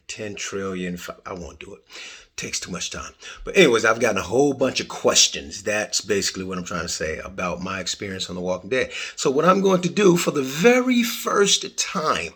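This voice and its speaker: A middle-aged man from the United States hosting a podcast, talking casually with animated joking and rambling restarts. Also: fairly low pitch, slightly rough. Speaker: podcast host.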